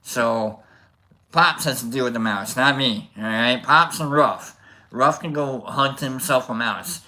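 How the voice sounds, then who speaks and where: Bright-voiced man telling a rambling story. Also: mid-range voice, a little slow. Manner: animated, rambling with restarts. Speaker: livestream host. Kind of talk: casual storytelling to chat.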